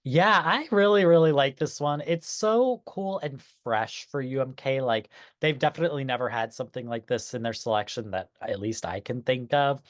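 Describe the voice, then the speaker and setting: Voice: medium pitch, normal speed, few pauses, dry recording, studio quality. A podcast co-host in casual chat, talking enthusiastically and swearing casually.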